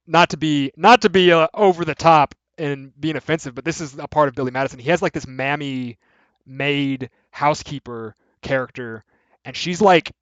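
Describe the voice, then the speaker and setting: A man's voice: on the high side, fairly bright tone, smooth, dry recording. A young man hosting a video, giving rambling, filler-heavy, profane opinions in casual commentary. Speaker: video essay host. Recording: dry, slightly dull lo-fi audio.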